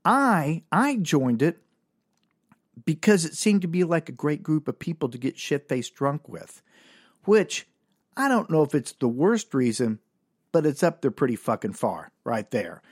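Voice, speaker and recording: A man's voice: on the high side, sing-song, measured pace, breathy edge, dry recording, studio quality. A middle-aged man, hosting a podcast and telling a comic story in a rambling, self-mocking way, chuckling often and swearing casually.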